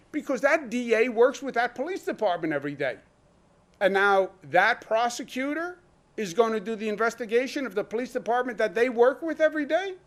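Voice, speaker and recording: A man delivers a governor's press briefing in a fairly high voice, pressing each point with emphasis. He fires off rhetorical questions and lets deliberate pauses land.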